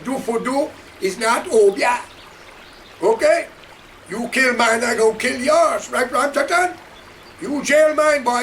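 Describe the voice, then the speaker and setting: A man with a Guyanese accent delivering an impassioned political rant, fiery and preaching, often shouting. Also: extremely high pitch, far from the mic, slight background noise. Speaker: political commentator.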